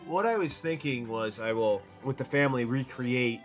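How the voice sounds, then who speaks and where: A man's voice: mid-range voice, animated, normal speed, faint music behind, rough recording. Rambling, jokey middle-aged man. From Connecticut, US. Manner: rambling, jokey, self-interrupting. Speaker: podcast co-host. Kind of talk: casual roundtable chat.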